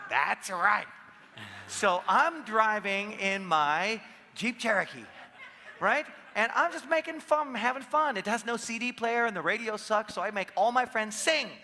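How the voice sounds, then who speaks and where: A man giving a live seminar talk, telling stories in an animated way and acting out the voices of people in them. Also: sits high, big-room sound, slight background noise. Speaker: seminar speaker.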